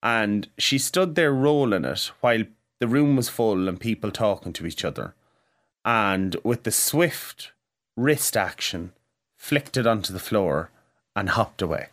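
A man trades crude stories in casual podcast banter. His delivery is blunt and bawdy, with a lively, swinging pitch. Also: unhurried. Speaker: podcast co-host.

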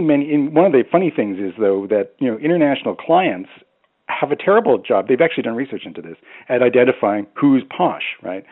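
A man's voice: on the low side, narrow, tinny audio. A man speaking as a language expert on a radio phone-in, hesitant with many restarts and fillers.

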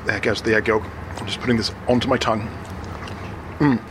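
A man's voice: fairly low pitch, steady tone, brisk, noisy background. A man, a radio guest talking about food, hesitant with many fillers and restarts. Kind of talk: casual radio chat.

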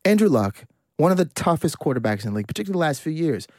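A man's voice: on the high side, big pitch swings, racing, darkish tone, no echo, studio quality. A man from Virginia with an American accent, co-hosting a casual sports chat and often stumbling over his words. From Virginia, USA. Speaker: podcast co-host.

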